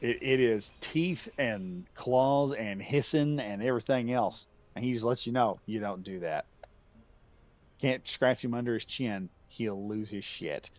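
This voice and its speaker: A man's voice: mid-range voice, unhurried, hardly any pauses. Laughing rambling male streamer. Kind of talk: casual storytelling chat. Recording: dull dry lo-fi sound.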